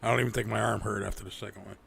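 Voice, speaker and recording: A man's voice: lowish voice, steady tone, racing, fairly bright tone, a little hiss or hum. A man hosting a casual livestream, rambling and swearing freely with frequent restarts. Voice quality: gravelly. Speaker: livestream host.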